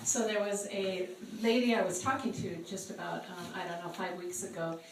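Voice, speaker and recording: Woman, live testimony, halting with lots of ums, distant phone mic, echoey room, faint background noise. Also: mid-range voice. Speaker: church ministry volunteer sharing testimony. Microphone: phone recording from across the room.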